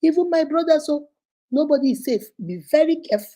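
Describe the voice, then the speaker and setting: A Nigerian woman hosts her advice vlog in a rather high but mellow voice. She tells the story with lively energy, acts out each person's lines, and speaks straight to her viewers to warn them. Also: fast. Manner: animated, acts out every character's lines. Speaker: host.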